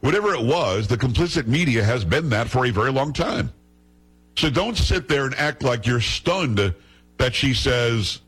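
Husky man giving sarcastic commentary. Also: mid-range voice, lively intonation, moderate pace, fairly bright tone. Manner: sarcastic, indignant, rhetorical questions. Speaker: commentary host. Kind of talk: political commentary.

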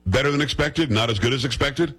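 A man's voice: medium pitch, a bit bright, breathy edge. A man hosting a talk radio show, giving blunt opinions and teasing his co-hosts. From United States. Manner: blunt, fast-talking, teasing.

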